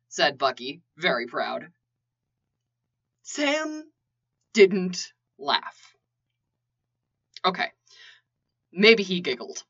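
A woman's voice: fairly low pitch, sharp tone. A woman narrating a story in a playful way with joking asides, in a lo-fi recording. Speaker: reader. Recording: lo-fi dull recording.

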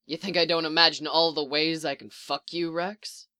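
A reader voicing a calm, possessive clone commander man with a low, dry teasing way of talking. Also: moderate pace, smooth, lightly acted. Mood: smirking, murmuring.

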